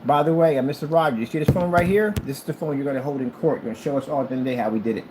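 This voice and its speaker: A man's voice: mid-range voice, racing, background noise. A middle-aged man vlogging at home off the cuff, blunt and combative as he runs his small business talk. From United States. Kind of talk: casual unscripted vlog.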